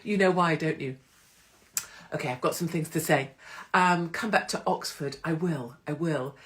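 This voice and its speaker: A woman's voice: deep voice, moderate pace. A middle-aged woman hosting a casual live-stream chat on her phone, teasing and greeting viewers by name. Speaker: host of a live online pub show. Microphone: phone livestream.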